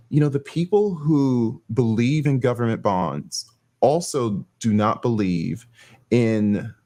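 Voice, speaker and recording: A man in casual podcast conversation, speaking in a lowish voice. He lays out his points steadily and drops in the odd filler. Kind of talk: casual chat.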